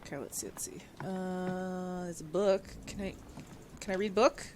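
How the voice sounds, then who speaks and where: A woman streamer giving casual, excitable gameplay commentary and reading on-screen text aloud. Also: lowish voice, normal speed, a little hiss or hum.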